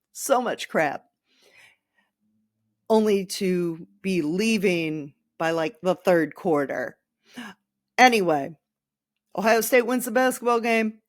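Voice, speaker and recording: A woman's voice: lowish voice, dry recording, clean studio sound. A young adult woman hosting a podcast, ranting casually and sarcastically about her sports teams with rambling asides. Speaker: podcast host.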